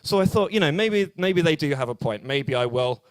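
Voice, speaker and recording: Deadpan young Englishman doing stand-up. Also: fairly high pitch, normal speed, dry recording. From England. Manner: deadpan, hesitant delivery with many fillers. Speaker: stand-up comedian. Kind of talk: stand-up comedy set. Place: small bar open mic.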